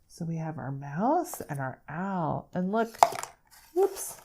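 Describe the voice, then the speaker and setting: A young woman speech therapist explaining how to model language during a read-aloud, in an animated teaching manner. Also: low-pitched, slow pace. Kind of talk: instructional talk with read-aloud.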